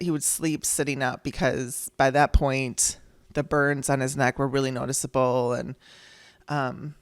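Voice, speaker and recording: A middle-aged woman tells a personal story on her podcast, chatty and close to tears, laughing now and then. Her voice is smooth and clear, recorded dry with no room sound. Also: extremely low pitch, no echo. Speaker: podcast host.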